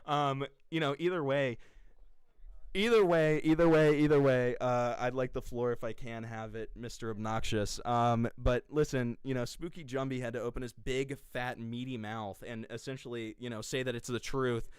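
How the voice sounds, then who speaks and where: A man's voice: mid-range voice, steady tone, moderate pace, hardly any pauses, clean tone, no room sound, clean studio sound. A man hosting a heated casual debate, first hesitant and full of fillers, later sarcastic and insulting. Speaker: host.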